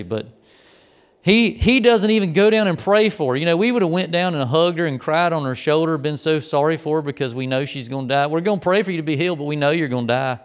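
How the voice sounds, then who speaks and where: A man preaching a sermon, telling a story and acting out its quoted lines, moving between loud commands and quiet asides. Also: on the high side, clear, resonant tone. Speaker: pastor.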